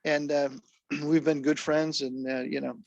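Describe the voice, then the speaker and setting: A man, a drummer guest, telling stories in a relaxed, even-keeled way during a casual interview. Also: fairly high pitch, measured pace, vocal fry, no echo, highs cut off. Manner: laid-back, even-keeled storyteller.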